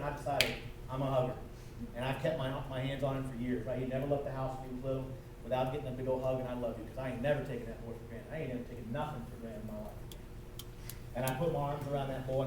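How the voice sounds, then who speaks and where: A man's voice: mid-range voice, background noise. Man speaking in an echoey hall, far off. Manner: storytelling, swings from hushed to shouting. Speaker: motivational speaker. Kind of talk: live motivational speech. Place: conference hall with audience. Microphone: audience camera recording from afar.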